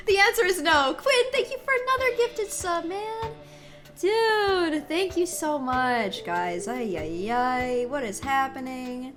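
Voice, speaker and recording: Chatting with viewers on a live stream, a woman streamer comes across giggly and effusive, exclaiming often. Her voice is high, very animated and fairly bright, she takes it slowly, and faint music plays behind her.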